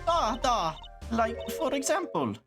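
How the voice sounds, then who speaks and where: A woman's voice: fairly high pitch, very animated, takes it slowly, over music, pitched above the performer's own voice, heavily acted. A woman voicing a timid young Russian waitress with a hesitant put-on Russian accent, reading game lines on a livestream. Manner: hesitant, self-conscious attempt at the accent.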